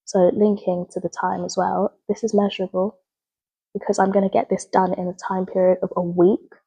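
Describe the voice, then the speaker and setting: A young woman reflects on camera in an earnest, rambling way, often stopping to correct herself. Her voice is soft and breathy at a middling pitch. It sounds like a casual student video diary. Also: flat delivery, moderate pace, rough recording. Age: young adult. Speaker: drama student. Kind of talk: spoken reflective video log.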